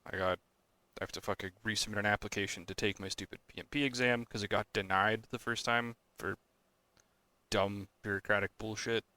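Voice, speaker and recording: A man's voice: fairly low pitch, fairly even intonation, brisk, sharp tone, no echo. A young man co-hosting a podcast, chatting casually and ranting with frequent swearing and exasperated outbursts. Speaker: podcast co-host. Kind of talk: casual chat.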